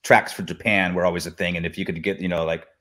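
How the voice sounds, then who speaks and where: A man's voice: low-pitched, flat delivery, fast talker, bright, forceful tone. A man guesting in an interview, laid-back and rambling, saying "man" and "dude". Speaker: guest musician. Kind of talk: casual interview chat.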